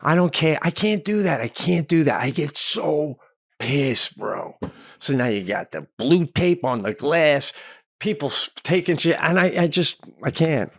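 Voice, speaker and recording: A middle-aged man tells a story on a podcast with lots of swearing and acts out the shouting in it. His voice sits a little high, and the sound is close and dry. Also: unhurried, gravelly, no echo. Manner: animated, swears a lot, acts out yelling in his stories. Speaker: podcast co-host. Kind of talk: casual storytelling chat.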